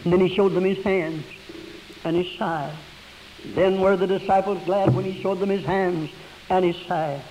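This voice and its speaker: A man preaches in a high-pitched voice, drawing out his stories with emotion and climbing to fervent peaks. A faint hiss runs underneath, like an old radio broadcast recording. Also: steady tone, a little mellow, highs cut off. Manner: emotional storytelling, slowing and rising to fervent peaks. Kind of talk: sermon with illustration stories.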